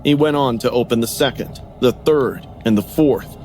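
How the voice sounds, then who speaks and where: A man's voice: medium pitch, moderate pace, a little mellow, a little hiss or hum. A man narrating a scripted horror story, acting out the dialogue in raised voices. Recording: music playing under the voice.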